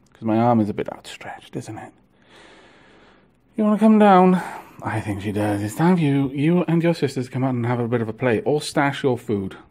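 A man filming a casual vlog of his pet ferrets, cooing to them in gentle baby talk. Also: mid-range voice, breathy edge. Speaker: vlogger.

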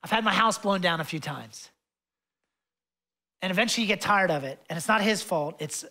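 A young adult man preaching a sermon as pastor in a loose, conversational way, full of fillers and asides, and passionate as he swings between loud stretches and hushed ones. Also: high voice, moderate pace, pauses often.

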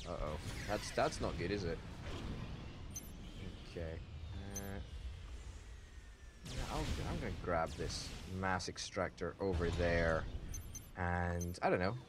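A man chatting casually while playing a strategy game, self-mocking and prone to sudden excited jumps in pitch. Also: slow, pauses often. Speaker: game commentator. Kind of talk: casual gameplay commentary. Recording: background hiss.

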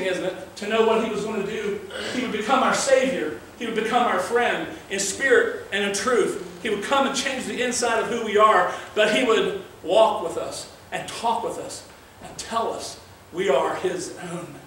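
A man's voice: sits high, moderate pace, few pauses, a bit bright, a little hiss or hum. A male pastor preaching a sermon in an earnest, conversational way, weaving in scripture readings. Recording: very echoey room, mic far off.

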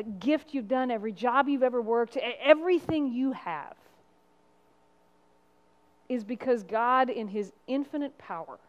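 A woman with a slightly high voice preaches a sermon in an earnest, conversational way. The lo-fi recording carries the long reverb of a church sanctuary.

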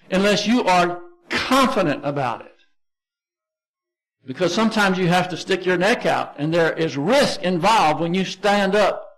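A man with a Texan accent preaching a sermon as pastor, conversational and emphatic, slowing down to stress key phrases. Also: high voice, fairly bright tone, rough recording.

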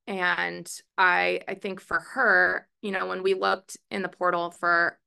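A woman softball head coach answering reporters at a press conference, chatty, with many fillers and restarts. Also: lowish voice, flat delivery, slow pace, gravelly, smooth. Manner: calls herself a verbal, loud coach. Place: press room.

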